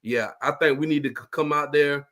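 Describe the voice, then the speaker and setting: A man's voice: a little high, fairly even intonation, a little fast, bright, forceful tone. A man talking sports on a panel, upbeat and emphatic, repeating points for stress. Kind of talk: casual sports chat.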